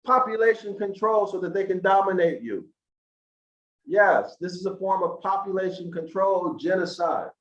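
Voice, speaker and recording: The audio is lo-fi and dull, and the room echoes as a man with a slightly high voice delivers a slow, emphatic online lecture. His voice climbs into preachy questions directed at listeners.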